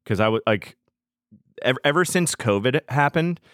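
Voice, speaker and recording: A man's voice: medium pitch, lively intonation, moderate pace, a bit bright, no room sound, clean studio sound. A man who tours as a DJ, chatting casually as a podcast guest and telling rambling, profane stories. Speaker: touring DJ guest.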